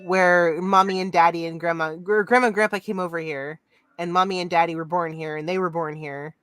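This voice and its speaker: A woman's voice: lowish voice, fairly even intonation, a little fast, a bit bright, clear, resonant tone, no echo, faint music behind. A woman in casual podcast talk, explaining her points in a thoughtful way. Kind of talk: casual chat.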